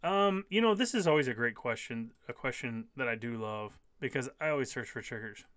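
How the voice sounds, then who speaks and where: A man's voice: medium pitch, lively intonation, a little fast, fairly bright tone, no echo. A man in his fifties hosting a casual live stream, reading viewer comments aloud and answering them emphatically, often repeating key phrases. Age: 50s.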